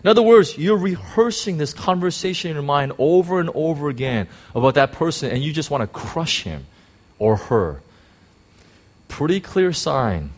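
A man pastor preaching a sermon in a conversational way, with rhetorical questions and quick acted-out quotes of churchgoers. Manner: acts out quoted church talk in sudden high bursts.

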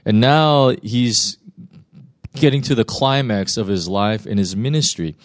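Male pastor, mid-pitched, reads scripture plainly, then preaches loosely with lots of fillers, dry close recording. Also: unhurried, no echo. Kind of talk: scripture reading and sermon.

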